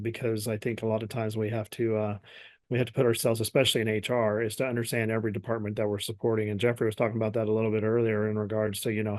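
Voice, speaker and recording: Flat-voiced man moderating a panel. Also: on the low side, no room sound.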